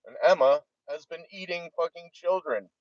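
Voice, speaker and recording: A man's voice: a little high, normal speed, no echo. A man from New Jersey with a New Jersey accent, talking in a rambling monologue to camera that is heavily profane and keeps trailing off. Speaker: vlogger. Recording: dull lo-fi dry recording.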